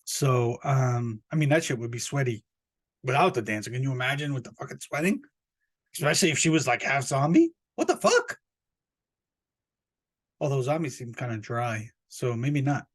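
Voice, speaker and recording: A man hosting a podcast, talking in a rambling, profane, joking monologue that jumps up high when he plays indignant. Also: brisk. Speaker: podcast host. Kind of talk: casual comic podcast monologue.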